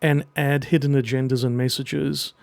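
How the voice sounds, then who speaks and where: A middle-aged man speaking earnestly and emotionally in a personal message to camera, pausing often as he talks. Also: medium pitch, flat delivery, gravelly, no echo. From half Greek. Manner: earnest, halting, emotional, with pauses. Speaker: vlogger and children's book writer.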